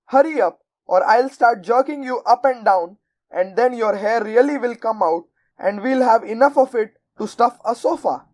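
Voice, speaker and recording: A woman's voice: fairly high pitch, lively intonation, measured pace, a little mellow. Woman reading as a bellowing tyrant headmistress. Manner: snapping, bellowing. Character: bullying giant headmistress, sarcastic and cruel.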